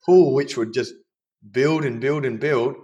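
A man's voice: mid-range voice, measured pace, warm tone. Candid man telling personal stories. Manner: candid, storytelling with acted quotes. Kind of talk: casual conversation.

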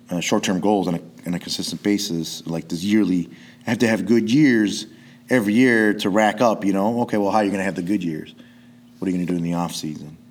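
A man's voice: sits low, a little hiss or hum. A man who coaches jiu-jitsu, chatting casually on a podcast, rambling and swearing, restarting his sentences often.

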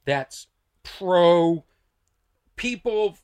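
A man's voice: high voice, animated, drawn-out words, darkish tone, clean tone. A man, a stand-up comedian, chatting casually and thinking aloud about his act. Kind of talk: casual chat between comedians.

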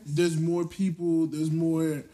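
A man with a mellow, dark tone, chatting casually with friends. He tells stories in an animated, rambling way, restarting his sentences as he goes. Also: on the high side, slow. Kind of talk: casual chat.

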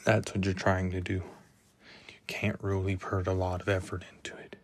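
A man hosting a solo podcast who rambles and muses aloud, often putting himself down. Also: fairly low pitch. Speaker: podcast host.

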